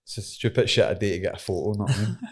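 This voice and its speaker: A young man with a broad Scottish accent and a fairly low voice tells his story as a guest. He talks loosely and swears freely, laughing through the funny bits as he speaks. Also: racing. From Scotland. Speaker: MMA fighter guest. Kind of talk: casual storytelling.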